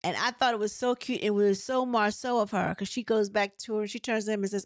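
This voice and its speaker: A woman's voice: medium pitch, fast, few pauses, a little mellow, dry recording, studio quality. A woman hosting a casual reality TV recap, chatting and retelling scenes with quoted dialogue and frequent laughs.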